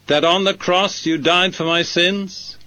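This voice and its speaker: A man preacher leading a prayer in slow, measured, solemn phrases. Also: high voice, steady tone, sharp tone, no echo.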